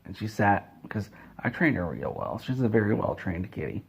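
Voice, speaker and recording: Low, husky man telling a deadpan tale. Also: moderate pace. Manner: deadpan, rambling with self-corrections. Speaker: comedic storyteller. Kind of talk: absurd comedic story told straight-faced.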